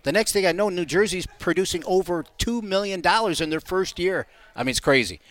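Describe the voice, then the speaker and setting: A man's voice: high voice, lively intonation, brisk, fairly bright tone. A middle-aged man talking as a company guest on a radio show, enthusiastic and salesy. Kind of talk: casual radio chat.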